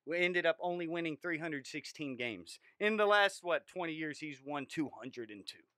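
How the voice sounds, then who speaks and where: A man co-hosting a sports podcast, tossing in quick trivia and short agreeing remarks. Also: a little high, expressive, fairly bright tone, smooth, dry recording. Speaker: podcast co-host. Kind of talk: casual sports talk. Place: studio.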